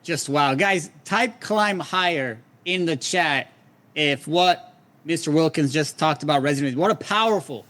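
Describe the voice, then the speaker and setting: A man's voice: fairly high pitch, measured pace, a bit bright. A man hosting a webinar call, reacting enthusiastically and talking straight to the audience. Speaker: webinar host.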